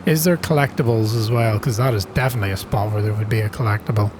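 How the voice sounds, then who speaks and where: Running his own gaming channel, this man talks fast in a lowish voice over some background noise. His commentary is casual, chatty and self-deprecating, and he gasps in surprise at every new thing he finds.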